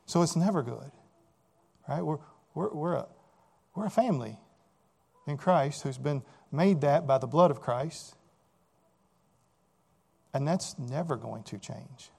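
A man delivers a sermon with a slightly high-pitched voice. He talks conversationally, stumbling over and repeating words as he goes, and keeps asking his listeners whether they understand. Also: expressive, measured pace, creaky, long pauses, darkish tone, husky. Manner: conversational preaching with rhetorical questions and repeated words. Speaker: pastor.

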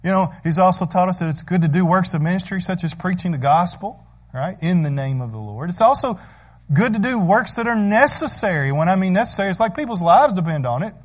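A pastor preaches with earnest conviction, tossing rhetorical questions to his congregation. The man's voice sits fairly high. The recording sounds dull and lo-fi. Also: expressive, fairly quick. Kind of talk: sermon.

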